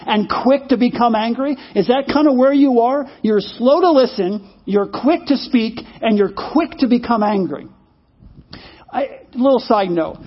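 A man's voice: extremely high pitch, husky. A man preaching a sermon in a conversational way, asking his listeners questions and often repeating words as he goes. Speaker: pastor. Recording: dull lo-fi sermon audio.

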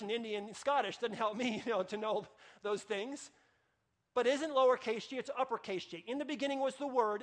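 A man preaching a sermon as a pastor, emphatic and given to repeating phrases and restarting his sentences. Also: extremely high pitch.

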